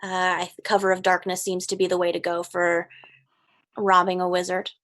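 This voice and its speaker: A woman narrating as game master of a tabletop game, relaxed and hesitant, with many fillers. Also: lowish voice, normal speed.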